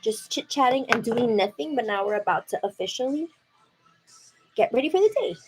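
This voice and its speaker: A woman's voice: fairly high pitch, animated, brisk, background noise. A young woman hosting a casual makeup livestream from home, chatting to viewers and calling them girl. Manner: chatty, calls viewers girl, frequent likes. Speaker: beauty livestream host. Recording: soft music under voice.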